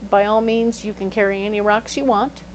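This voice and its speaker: A woman giving a casual tarot reading, animated and playful, breaking into sudden exclamations. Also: mid-range voice, a little fast, lo-fi sound, a little hiss or hum. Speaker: tarot reader.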